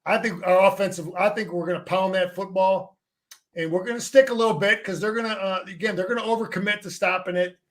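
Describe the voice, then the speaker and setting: Emphatic high-voiced former coach talking football. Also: male voice, steady tone, fast. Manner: emphatic, repeats words and restarts, salty. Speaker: former player and coach, guest. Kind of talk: casual sports talk.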